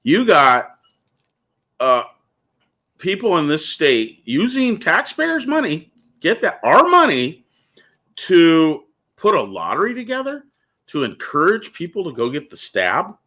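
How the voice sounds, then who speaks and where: A man's voice: a little high, wildly swooping pitch, slow, pauses often, pushed and bright. A man hosting a casual talk show, speaking bluntly and ranting, often calling the listener "dude.". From California. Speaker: podcast host.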